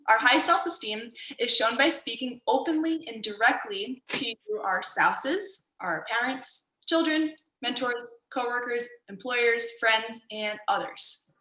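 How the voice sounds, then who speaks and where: A woman's voice: fairly high pitch, sharp tone, echoey room, poor audio. A woman martial arts instructor teaching an online workshop for kids in an upbeat, encouraging way, over a video call.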